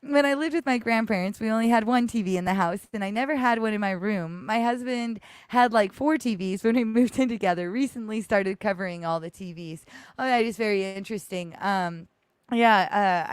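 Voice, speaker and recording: An American woman hosts a casual call-in show. She rambles and restarts a lot and breaks into giggles. Her voice sits at an average pitch, recorded dry and close. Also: moderate pace, smooth, no echo. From United States. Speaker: host. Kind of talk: casual live-show chat.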